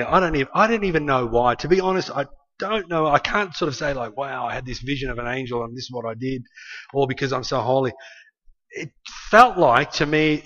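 A slightly muffled, lo-fi recording captures an Australian man preaching and telling a family story casually, with plenty of restarts. His voice is mid-range and a bit bright.

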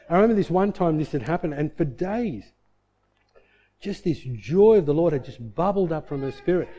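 A man preaching a sermon, telling a story in a lively, animated way that rises into loud bursts. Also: fairly high pitch, fairly quick. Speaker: pastor.

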